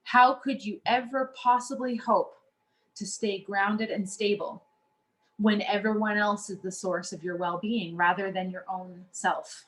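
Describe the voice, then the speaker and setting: A woman speaks as a coach in a relaxed teaching talk, earnest and conversational. She often restarts her sentences and fills pauses with small words as she explains her point. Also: mid-range voice.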